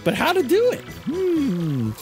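A woman's voice: sits high, huge pitch swings, takes it slowly, a little mellow, faint music behind, voice pushed up, heavily acted. A woman voicing a flirtatious female wind spirit diva with a theatrical Southern US drawl, reading game lines aloud. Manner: breathy, swooning, theatrical southern-belle drawl. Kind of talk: let's play voice-over of game text.

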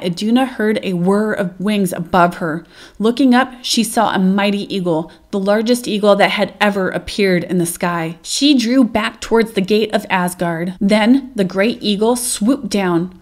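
A woman reading an old myth aloud as a narrator, gentle and measured. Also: mid-range voice. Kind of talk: storybook read-aloud narration.

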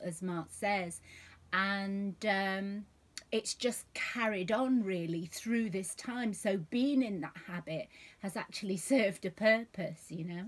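A woman's voice: medium pitch, takes it slowly. Woman chiming in supportively. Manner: supportive, agreeing. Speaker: vlogger, co-host. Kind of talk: casual chat.

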